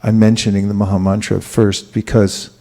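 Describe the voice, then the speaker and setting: A man giving a relaxed, conversational spiritual talk, asking the audience questions and chuckling now and then. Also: fairly low pitch, normal speed, creaky. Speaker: spiritual teacher giving a class. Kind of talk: conversational sermon.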